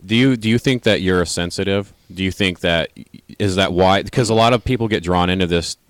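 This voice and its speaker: Deep-voiced male podcast host. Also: fairly quick, no room sound. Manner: rambling, hesitant questions with restarts. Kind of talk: casual interview.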